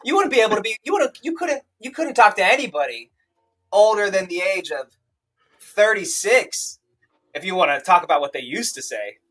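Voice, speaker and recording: A man co-hosting a podcast, bantering loudly and teasing his co-host with bursts of mock shouting. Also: sits high, very animated, moderate pace, poor audio. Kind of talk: casual chat.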